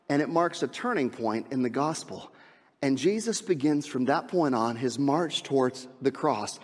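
A male pastor preaching a sermon, swinging from hushed, slow passages to loud, excited ones. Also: on the high side. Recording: long hall reverb.

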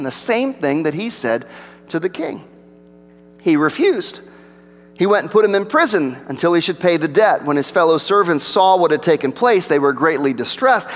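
A pastor preaching a sermon, rising for emphasis and dropping to a low hush. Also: male voice. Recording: long reverb of a large hall.

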